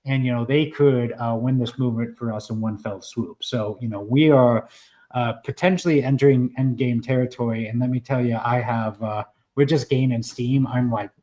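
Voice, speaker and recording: A man hosting a casual live stream, talking in an animated way with many fillers and restarts. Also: mid-range voice, normal speed, rough recording. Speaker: livestream host.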